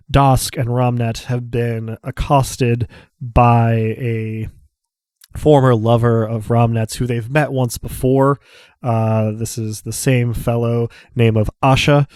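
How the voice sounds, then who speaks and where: Brief: unhurried male game master, halting narration, dry close mic. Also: medium pitch, a little mellow, clear, resonant tone, no room sound. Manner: measured, with frequent pauses and fillers.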